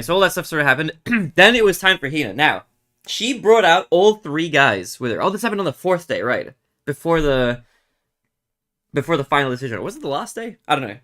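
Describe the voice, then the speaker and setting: Bright-voiced young man rambling excitedly. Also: mid-range voice. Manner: rambling, animated retelling with many fillers. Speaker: streamer. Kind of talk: casual chat while gaming.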